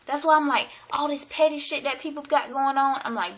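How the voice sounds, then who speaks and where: Vlogger woman, excitable rambling delivery, slangy, bright and a bit high. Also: fairly quick, few pauses. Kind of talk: casual monologue to camera. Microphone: camera.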